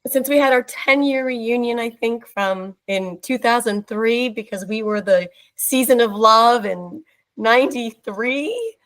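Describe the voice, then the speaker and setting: A middle-aged woman talks over a video call, her voice sitting slightly high. She gushes and sounds close to tears. Her speech is casual and heartfelt. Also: lively intonation, unhurried, fairly bright tone, poor audio. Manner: emotional, gushing, close to tears. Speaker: former actor, guest.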